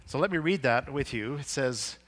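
Man, preacher, sermon, conversational, plain retelling, fillers and restarts, mid pitch. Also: expressive, moderate pace, fairly bright tone.

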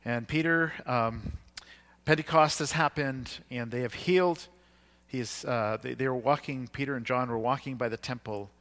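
A man's voice: medium pitch, fairly even intonation, normal speed, a bit bright. A man preaching a sermon, retelling scripture in everyday words with fillers and restarts.

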